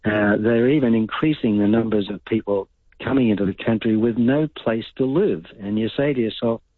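A man's voice: on the low side, moderate pace, no echo. An older man calling in to a radio show, giving blunt, rambling opinions. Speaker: caller. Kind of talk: casual talkback call. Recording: dry phone-line sound.

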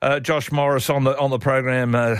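A man's voice: mid-range voice, level tone, brisk, clean tone, no echo, studio quality. A man with an Australian accent hosting a radio show, in jokey, teasing banter. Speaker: radio host. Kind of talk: casual radio chat.

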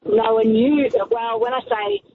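A woman phones in to a radio show and asks her questions hesitantly, pausing often. Her voice is high and swings around, with a gravelly rasp. It comes over a thin phone line with clear hiss behind it. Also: big pitch swings. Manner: hesitant, with many ums. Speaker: caller.

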